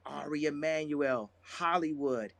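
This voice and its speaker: A man's voice: a little high, measured pace, vocal fry, fairly bright tone, no room sound. A man talking loosely in a live audio chat room, laughing often and repeating his phrases.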